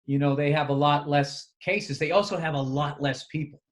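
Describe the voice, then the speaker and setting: A man's voice: fairly high pitch, fairly even intonation, moderate pace. A man, a comedian and podcast co-host, rambling in casual, profane chat and restarting his sentences often.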